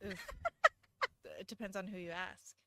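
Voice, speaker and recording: A woman's voice: mid-range voice, sing-song, normal speed, gravelly, background noise. A woman in her thirties, a guest on a comedy podcast, talking about motherhood in an earnest, laughing way. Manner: earnest, laughing, emotional at times. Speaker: guest, host's wife. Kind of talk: casual podcast chat.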